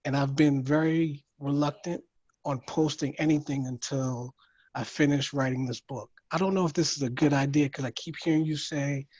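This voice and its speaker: A man's voice: on the high side, fairly even intonation, normal speed, a little mellow, husky, no room sound. Workshop participant: man, hesitant and searching for words, on muffled, dry call audio. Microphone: video call.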